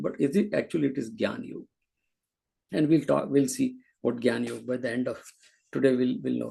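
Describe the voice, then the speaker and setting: A man leads a scripture class, explaining ideas step by step and often restarting his sentences. His voice is deeply gravelly and husky with a mellow, dark tone. He sits a little higher in pitch than most men. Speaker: spiritual teacher.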